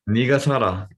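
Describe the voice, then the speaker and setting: A man's voice: mid-range voice, a bit bright, low-quality recording. A man teaching a group language lesson over a video call, patiently drilling phrases aloud for learners to repeat.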